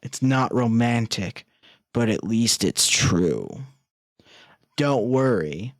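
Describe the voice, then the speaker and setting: Man, game streamer, slow deliberate talk, dry close sound, musing then flustered. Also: medium pitch, lively intonation, no room sound. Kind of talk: live game stream, reading game text aloud.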